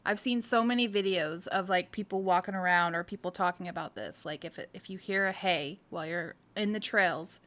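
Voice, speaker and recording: A woman's voice: on the low side, a little fast, hardly any pauses, a bit bright. A woman on a podcast chatting casually, hesitant and full of "like" fillers. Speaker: podcast co-host. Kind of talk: casual chat.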